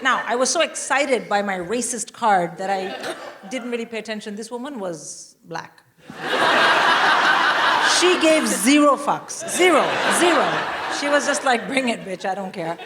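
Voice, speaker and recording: High-voiced woman telling a stage story. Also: heavy background noise. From India. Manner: animated, swearing, quick asides to a laughing audience. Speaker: guest comedian. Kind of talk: stand-up storytelling. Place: live theatre stage. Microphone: stage microphone.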